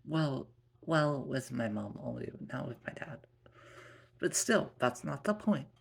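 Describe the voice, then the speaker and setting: A man's voice: mid-range voice, lively intonation, unhurried, vocal fry, breathy edge, full character voice. A man voicing a stern young mother and wife, scolding in a raised voice.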